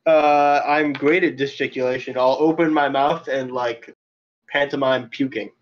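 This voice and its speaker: A man with a medium-pitched, steady voice talks unhurriedly while playing a tabletop game online. He's casual, mulls over the rules out loud and laughs a lot, and the internet voice chat audio has its highs cut off.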